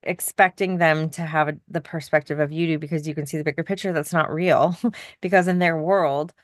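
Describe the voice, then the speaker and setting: A middle-aged woman co-hosting a podcast, telling a story in casual chat with soft laughs. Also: low voice, fairly even intonation, fairly quick, no room sound, studio quality. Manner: reflective, storytelling, laughs softly between points. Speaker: podcast co-host.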